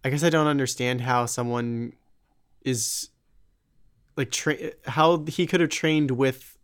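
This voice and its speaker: Man, podcast co-host, smooth voice, relaxed, agreeable, thinks aloud. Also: mid-range voice, slow. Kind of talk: casual video game discussion.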